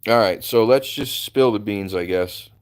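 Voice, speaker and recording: A man's voice: fairly low pitch, normal speed. A man hosting a casual livestream, chatting and laughing as he greets viewers by name. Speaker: livestream host. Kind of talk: casual live-stream chat.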